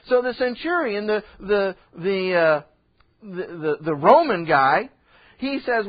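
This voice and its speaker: A man's voice: high voice, big pitch swings, takes it slowly, highs cut off. A man preaching a sermon as pastor, in a conversational way that acts out the people in the story. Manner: conversational, acts out quoted voices.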